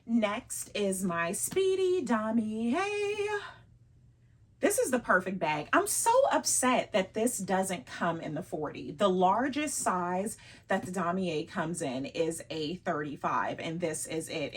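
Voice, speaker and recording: A woman's voice: lowish voice, slightly rough. A woman vlogger chatting casually about her luxury bags, laughing often and teasing herself.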